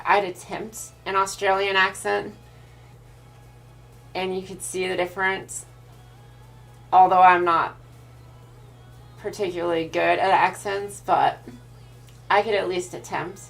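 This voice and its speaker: Woman streamer, Pacific Northwest American accent, relaxed and unhurried, gravelly edge, faint music underneath. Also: mid-range voice. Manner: relaxed, thinks aloud with restarts while reading chat. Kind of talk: casual chat answering viewers.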